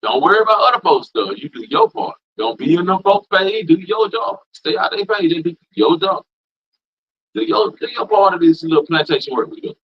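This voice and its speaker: Casting: male preacher, fairly high husky voice, folksy and repetitive, dull lo-fi recording. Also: expressive, fairly quick. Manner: folksy, repetitive, preachy, with Southern US Black vernacular. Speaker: preacher teaching a class. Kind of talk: informal sermon, reading and commenting on scripture. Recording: dull lo-fi sound.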